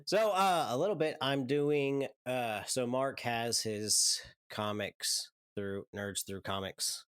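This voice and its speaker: A man's voice: medium pitch, takes it slowly, fairly bright tone, clear, resonant tone, dry recording, studio quality. A man chatting as a podcast guest, hesitant and trailing off with frequent ums. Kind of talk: casual chat.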